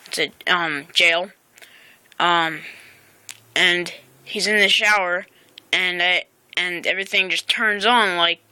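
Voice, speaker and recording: A woman's voice: lowish voice, bright, forceful tone, smooth, no room sound. A teenage girl vlogging outdoors into a phone, rambling with lots of ums and self-corrections. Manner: halting, rambling, many fillers and self-corrections. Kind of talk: casual rambling vlog. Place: outdoors by a house. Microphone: phone camera.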